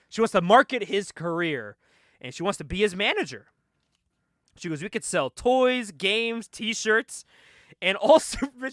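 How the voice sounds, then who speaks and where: Lively, laughing man recapping a comic. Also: on the high side, no echo, studio quality. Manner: animated, laughs often, acts out the characters' lines. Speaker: podcast co-host. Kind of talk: casual comic book recap.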